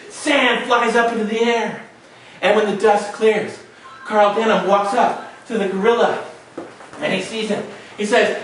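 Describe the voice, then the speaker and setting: A male storyteller performing a tale dramatically, with shouted sound effects. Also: very high voice, moderate pace, slight background noise. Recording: echoey room, mic far off.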